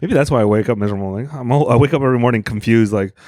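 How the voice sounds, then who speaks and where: A young man co-hosting a podcast, rambling in a deadpan way and stumbling over words in casual chat. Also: mid-range voice, very fast, dry recording, clean studio sound. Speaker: podcast co-host.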